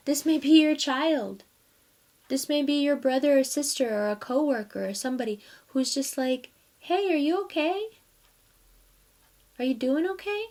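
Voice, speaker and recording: A woman giving a casual tarot reading, talking straight to her viewers in a chatty way and laughing often. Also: high voice. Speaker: tarot reader.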